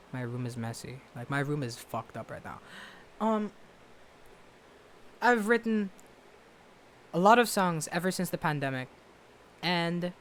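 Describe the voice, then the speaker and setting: Loud, rambling young man, high voice. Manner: rambling, self-mocking, loud. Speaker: vlogger and musician. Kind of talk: casual chat to camera. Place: bedroom at home. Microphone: webcam or laptop camera.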